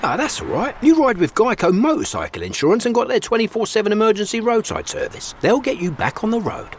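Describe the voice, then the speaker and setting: Picture a high, wildly swooping voice: a breezy, helpful biker friend, chatting over faint street noise in a radio ad. He sounds relaxed and upbeat throughout. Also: fast. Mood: reassuring. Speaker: ad character.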